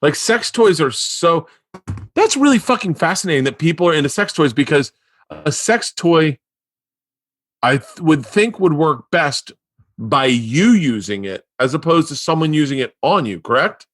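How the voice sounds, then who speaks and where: A man hosting a podcast in casual chat, telling rambling, profane, excitable stories into a studio mic. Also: on the high side, normal speed, no room sound. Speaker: podcast host.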